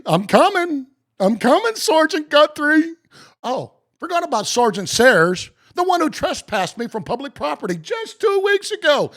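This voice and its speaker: A man live-streaming, joking with viewers by name and reading case law aloud slowly and with emphasis. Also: extremely high pitch, fairly bright tone. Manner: slow, emphatic reading of legal text.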